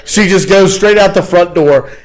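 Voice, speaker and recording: Male podcast host, rowdy storyteller who drops to low mutters and then shouts, profane. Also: moderate pace. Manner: animated, profane, swings between loud bursts and low mutters. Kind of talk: casual storytelling.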